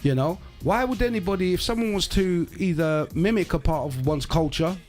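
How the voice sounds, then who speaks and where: Animated, emphatic man hosting a podcast. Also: high voice, a little fast, soft background music. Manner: emphatic, animated, rhetorical asides. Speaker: podcast host. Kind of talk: casual chat.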